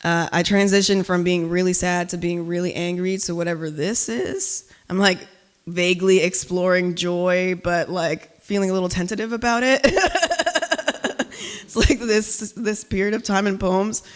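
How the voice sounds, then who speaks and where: Intense woman poet, smooth clear voice. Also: fairly low pitch, fairly even intonation, normal speed. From Cuba. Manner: loud, emphatic, intense delivery. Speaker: spoken word poet. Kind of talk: spoken word poetry performance with chatty asides. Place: live reading at an art gallery.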